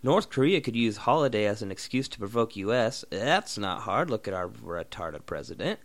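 Young male podcast host, profane sarcastic ranter, animated delivery, dead-dry room sound. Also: on the low side, normal speed, no room sound. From Oregon. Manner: profane, blunt, sarcastic ranting. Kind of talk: solo ranting podcast.

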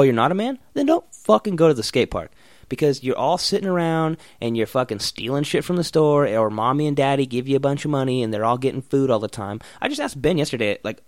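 A young man in a casual, profane rant, blunt and loud in bursts, then muttering. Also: medium pitch, dry recording, clean studio sound. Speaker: vlogger.

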